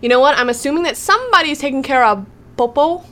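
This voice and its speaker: A woman's voice: sits high, animated, pushed and bright. Playful woman retelling scenes in silly voices. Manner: retells scenes in quick mock voices, laughing. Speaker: podcast co-host. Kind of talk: casual recap chat.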